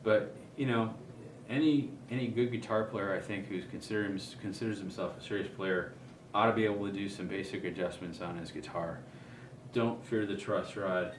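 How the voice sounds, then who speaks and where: A man talking through a guitar setup in a relaxed, unhurried way, pausing often to think as he demonstrates. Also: fairly low pitch, reverberant, background noise. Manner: relaxed, thinking aloud with many ums. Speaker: guitar player explaining setup. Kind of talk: casual demonstration.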